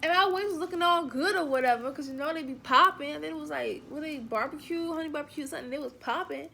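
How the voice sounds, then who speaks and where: A young woman telling a casual storytime, animated and sassy, acting out the quoted lines. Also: sits high, fast, gravelly, a little hiss or hum.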